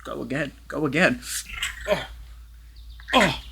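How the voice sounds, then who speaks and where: A man's voice: a little high, lively intonation, takes it slowly, vocal fry, heavy background noise. A young man giving rambling, casual commentary while playing a VR game, swearing and talking to the characters on a headset mic. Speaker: gaming YouTuber.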